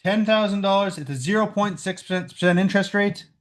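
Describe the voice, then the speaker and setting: A man with a somewhat high voice walks through a math problem in a recorded lesson. He talks each step out loud and often checks in with "right?". He is recording at home on a computer microphone. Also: a little fast. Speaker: math teacher.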